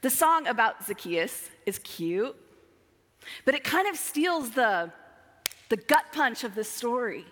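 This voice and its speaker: A woman preaching a sermon, dramatic, moving between emphatic lines and hushed asides. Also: fairly high pitch, big pitch swings, slow. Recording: long hall reverb.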